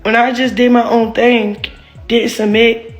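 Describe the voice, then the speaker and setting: A woman's voice: on the high side, level tone, measured pace, muffled recording, faint music behind. A woman venting about her relationship in a candid, rambling monologue, heated and full of swearing and "like". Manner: rambling, heated, profane, heavy use of "like".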